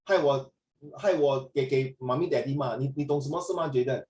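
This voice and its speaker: A man's voice: medium pitch, fairly even intonation, brisk, darkish tone. Chatty Singaporean-accented male tutor. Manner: chatty, switches into Mandarin. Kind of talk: online class feedback. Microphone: video call. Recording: echoey room.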